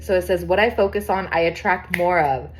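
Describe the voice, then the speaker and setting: A young woman giving a casual tarot reading to her viewers, chatty and excitable, swearing freely and reading card texts aloud. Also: on the low side, a little fast, slight background noise. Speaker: tarot reader.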